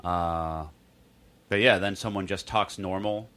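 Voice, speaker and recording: A man co-hosting a podcast, trading wry, deadpan quips in casual chat. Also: sits low, measured pace.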